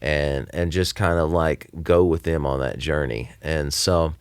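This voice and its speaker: A man's voice: very deep voice, measured pace, smooth, dry recording, clean studio sound. A man, a recording engineer and producer, talking loosely in a casual podcast interview, with lots of fillers and restarts.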